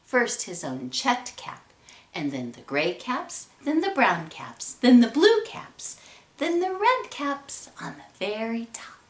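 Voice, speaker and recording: A woman reading a children's story aloud in an expressive, drawn-out way, recorded in an echoey room. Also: on the high side, far from the mic. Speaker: storybook reader.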